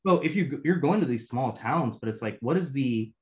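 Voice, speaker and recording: A man's voice: mid-range voice, animated, brisk. Laid-back young man from Bangladesh. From Bangladesh, raised in the US. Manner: laid-back slangy talk full of "like" and "bro". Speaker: podcast guest. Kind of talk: casual conversation.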